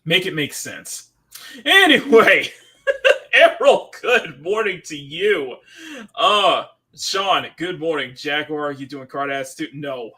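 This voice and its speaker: A man's voice: a little high, slow pace, sharp tone, breathy edge. Chatty man hosting a livestream. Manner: chatty, laughs often, reads chat aloud. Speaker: livestream host. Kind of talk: casual chat.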